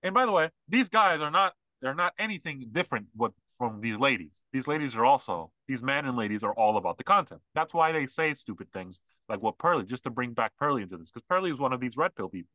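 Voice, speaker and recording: A man's voice: mid-range voice, very animated, quick pace, hardly any pauses, pushed and bright, dry recording. A man co-hosting a podcast, ranting in casual, mocking chat with lots of fillers. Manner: ranting, mocking, mimics others. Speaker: podcast co-host.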